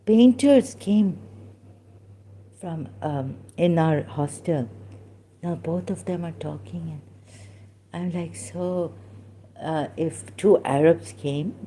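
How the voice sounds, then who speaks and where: A woman tells a personal story slowly and haltingly, starting over and filling pauses as she goes. Her voice is mellow and dark, sitting a little low for a woman, and she drops into Urdu phrases now and then. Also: slight background noise. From Pakistan. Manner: halting, with many restarts and fillers.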